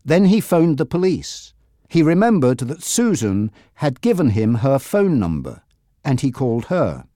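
A man narrating a graded reader audiobook, reading slowly and clearly. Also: medium pitch, no echo, clean studio sound. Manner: slow, clear, expressive reading.

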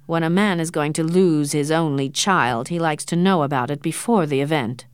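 A woman reading an audiobook, voicing a stern, cold older father, a doctor, who speaks in a quiet, controlled, hard way. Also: low-pitched, normal speed, smooth, dry recording, clean studio sound, natural voice.

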